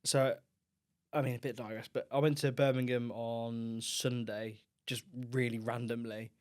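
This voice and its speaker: A man's voice: mid-range voice, flat delivery, measured pace. Man, podcast co-host, wry, petty grumbling, swears, casual chat.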